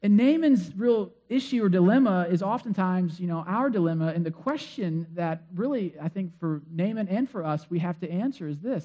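A man's voice: high-pitched, animated, normal speed, few pauses, warm tone, muffled recording. A male pastor preaching a sermon in a conversational, storytelling way with frequent fillers.

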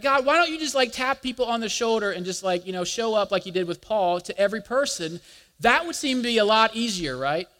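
A male pastor preaching a sermon in an animated way, asking the congregation to join in aloud. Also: high voice. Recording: long reverb of a large hall.

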